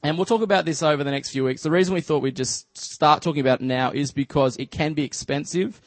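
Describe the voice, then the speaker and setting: An Australian man giving a church talk as a relaxed, chatty story, full of fillers like "just" and "you know". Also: fairly high pitch, quick pace, no room sound. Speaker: church speaker. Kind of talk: casual storytelling sermon.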